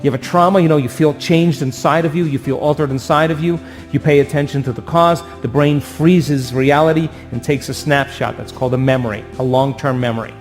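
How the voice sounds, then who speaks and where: A man giving an animated motivational talk to an audience, acting out voices and asking for agreement. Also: fairly high pitch, fairly quick, few pauses, soft background music. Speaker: speaker.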